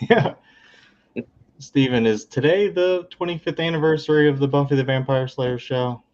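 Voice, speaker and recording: A man's voice: mid-range voice, moderate pace, a little mellow. A man hosting a podcast in casual chat, asking wry, laid-back questions. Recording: dull lo-fi audio.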